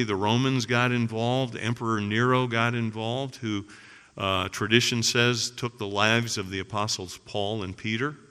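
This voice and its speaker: Male pastor, bright tone, earnest sermon delivery, reverberant church sound. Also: medium pitch. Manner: earnest preaching, builds emphasis with repetition. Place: church sanctuary. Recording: long hall reverb.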